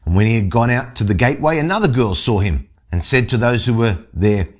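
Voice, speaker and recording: A man's voice: lowish voice, animated, fairly quick, few pauses. A man reading a scripture passage and then explaining it in an earnest teaching style, often restarting his sentences. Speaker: Bible teacher.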